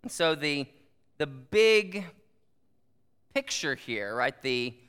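A man's voice: fairly high pitch, very animated, takes it slowly, sharp tone, clear, resonant tone, long reverb tail. A man preaching a conversational sermon, with frequent asides and rhetorical questions. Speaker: pastor.

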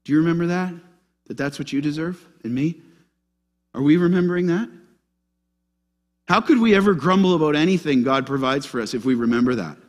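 A male pastor preaches in a church with a high, bright voice. His pitch leaps up and drops low all through, and he keeps putting questions to the congregation. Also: expressive, fairly quick, pauses often. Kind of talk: sermon.

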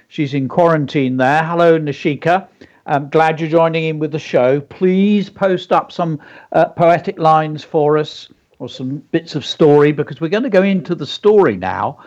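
Husky male writing teacher on radio, animated delivery, lo-fi sound. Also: a little high. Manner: explaining, reads the story aloud.

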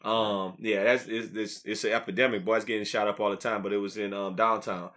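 A man's voice: fairly low pitch, fairly even intonation, a little fast, fairly bright tone. A man from Louisiana, hosting a podcast in loose, rambling chat full of repeated words. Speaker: podcast host. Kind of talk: casual chat.

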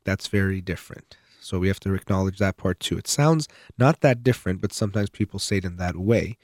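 A man with a lowish voice talks through relationship advice in an earnest, explanatory way. He speaks off the cuff and leans hard on key words. The recording is dry and close, with no room sound. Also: fairly quick, a little mellow, no room sound. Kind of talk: unscripted advice talk.

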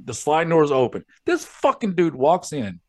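A man's voice: on the high side, huge pitch swings, normal speed. A man hosting a podcast, ranting and telling stories in a casual, profane way. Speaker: podcast host.

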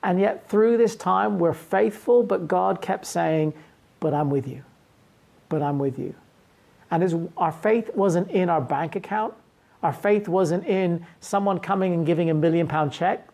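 Gravelly, husky woman preaching. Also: on the low side, normal speed, mellow. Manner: earnest, frequent restarts and repeated words. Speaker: pastor. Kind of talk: sermon.

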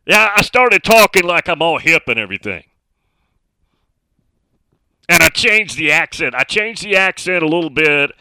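A man's voice: a little high, sing-song, moderate pace, long pauses, sharp tone, slight background noise. A middle-aged man hosting a sports talk radio show, speaking emphatically and reading out listener messages.

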